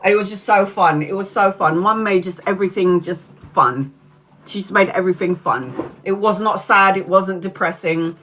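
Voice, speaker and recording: A woman's voice: medium pitch, normal speed, a bit bright, slight background noise. A middle-aged woman tarot reader on a live stream, telling a story with lots of swearing and laughter.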